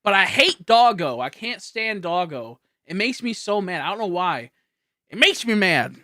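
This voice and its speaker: Young male streamer in his late twenties, slightly raised pitch, laid-back and rambling, a little high, home studio mic with no room echo. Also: big pitch swings, sharp tone. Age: late 20s. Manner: rambling, laughing, loose and slowed. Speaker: livestreamer. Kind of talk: casual livestream chat reading donations. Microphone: high-end studio microphone.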